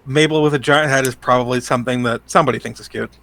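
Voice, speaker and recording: A man's voice: mid-range voice, fairly even intonation, fast talker, vocal fry, a bit bright, dry recording. A man co-hosting a podcast, chatting casually and adding trivia asides about a cartoon. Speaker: podcast co-host. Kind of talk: casual recap chat.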